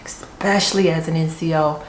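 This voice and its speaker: A woman's voice: low-pitched, fairly even intonation, moderate pace. A middle-aged woman who is an Army senior NCO, telling stories in a casual, firm way while doing her makeup. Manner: firm, storytelling, chatty. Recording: echoey room.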